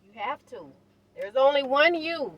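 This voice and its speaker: An older woman talking casually to her viewers while cooking in her van, unhurried and encouraging. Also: high-pitched, animated, dull audio, noisy background. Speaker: van life vlogger. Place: inside a parked van.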